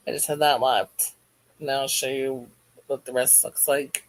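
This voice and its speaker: A man's voice: medium pitch, level tone, normal speed, rough recording. A man hosting a crochet livestream, chatting casually and jokily while reading the live chat aloud as he works.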